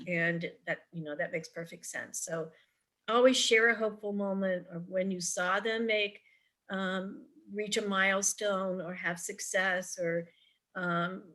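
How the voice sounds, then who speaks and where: A middle-aged parent advocate with a medium-pitched, slightly bright voice talks on a video call. Her advice at the virtual forum comes wrapped in chatty stories, and she frequently ums and restarts.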